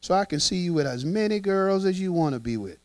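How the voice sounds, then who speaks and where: Animated, high-voiced man preaching a sermon. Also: fairly quick, no room sound. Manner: animated, conversational, acts out voices. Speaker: pastor.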